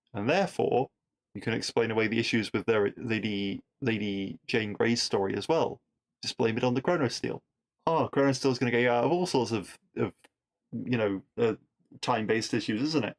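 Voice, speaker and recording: A man hosting a podcast, casually recapping a TV episode with wry asides and rhetorical questions. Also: mid-range voice.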